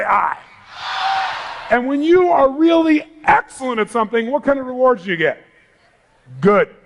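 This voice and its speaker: A middle-aged man giving an animated motivational seminar talk to a live audience in a large hall, calling for responses. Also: high-pitched, creaky. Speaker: motivational speaker.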